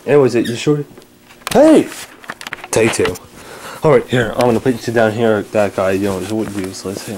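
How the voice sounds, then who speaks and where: A man's voice: lowish voice, lively intonation, moderate pace, long pauses, darkish tone, a little hiss or hum. A man bickering and stammering through a homemade comedy skit in which he plays several characters.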